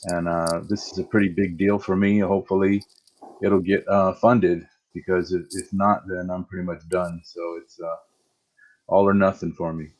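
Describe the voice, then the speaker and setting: Low flat-voiced man, halting. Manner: halting, many fillers, growing quieter. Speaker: guest comic creator. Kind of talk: casual pitch of his project.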